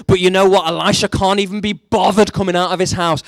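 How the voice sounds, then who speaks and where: Animated male preacher, fairly high voice. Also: fairly quick, hardly any pauses, no room sound, studio quality. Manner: animated storytelling, swings between hushed and emphatic. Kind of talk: sermon.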